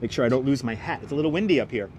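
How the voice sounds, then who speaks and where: Speaking very fast with lively intonation, a man of medium pitch and slightly mellow tone hosts a casual live-stream walking tour on an elevated city park walkway. He chats to viewers and laughs often, recorded on a wireless clip-on mic with a little hiss or hum.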